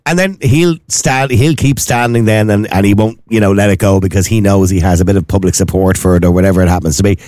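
A man's voice: on the low side, fast talker, hardly any pauses, a little mellow, no echo, clean studio sound. An Irish man hosting a radio show, asking questions in a casual chat. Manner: questioning, conversational. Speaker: radio host.

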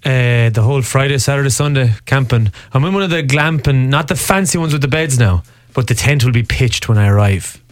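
A young man co-hosting a radio chat, upbeat and quick to laugh. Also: mid-range voice, no room sound. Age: young adult. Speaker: radio co-host. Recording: dry studio.

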